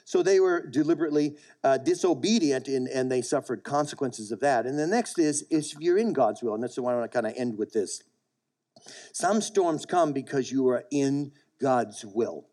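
Man, pastor, sermon, slightly high voice, emphatic then hushed, asks the room questions, chuckles. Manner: swings from raised emphatic lines to low quiet asides, often asks the congregation; chuckles between points, repeats words.

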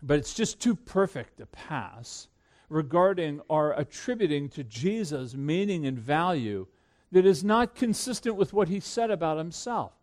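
A man preaching a sermon to a congregation, swinging between loud emphatic peaks and hushed low asides. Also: animated, measured pace. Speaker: pastor.

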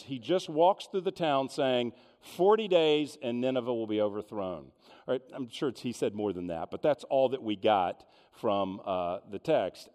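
A pastor retelling a Bible story in a conversational, expressive sermon. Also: male voice, mid-range voice, in a large hall.

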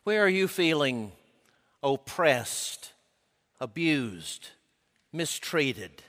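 A male preacher delivers a sermon at a slow, deliberate pace, his slightly high voice ringing with the long reverb of a large hall. He is emphatic and builds his points, then sinks to a hushed intensity. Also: very animated.

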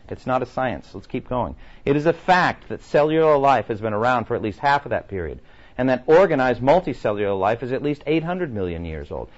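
A man teaching a class who reads quotes aloud and keeps asking his listeners rhetorical questions. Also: mid-range voice. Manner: emphatic, with many rhetorical questions. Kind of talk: lecture with read-aloud quotes. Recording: muffled lo-fi recording.

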